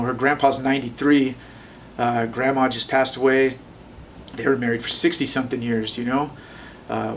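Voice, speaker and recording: A man in his thirties recounts his past in a loose interview, circling back and restarting his sentences often. His pitch sits in an ordinary middle range. A faint hum runs beneath the voice. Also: recorded from a distance. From Las Vegas, USA. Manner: rambling, with frequent restarts. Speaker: tattoo shop owner. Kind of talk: casual storytelling interview.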